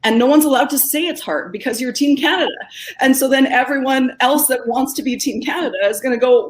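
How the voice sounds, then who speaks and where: A woman's voice: high-pitched, fairly quick. A woman, a former national-team curler, telling a candid personal story in an earnest, emphatic way. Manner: earnest, emphatic, repeats herself.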